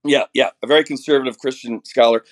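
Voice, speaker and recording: A middle-aged man with a raspy voice from a chest cold, earnestly explaining theology as a podcast guest, restarting his sentences often. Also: medium pitch, fairly even intonation, quick pace. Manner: earnest, builds ideas with many restarts.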